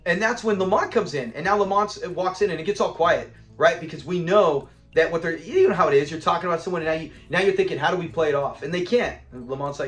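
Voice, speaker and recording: Male channel host, high voice; chatty, giggly episode recap with acted-out quotes. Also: a little fast. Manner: excitable, laughs a lot, acts out lines. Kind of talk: casual video commentary.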